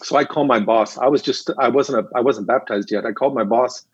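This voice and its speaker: Husky-voiced man telling a lively story. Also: medium pitch, fast, no room sound. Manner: animated storyteller, acts out quoted dialogue, laughs. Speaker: interview guest, missionary. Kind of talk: storytelling in an interview. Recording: dull, lo-fi dry sound.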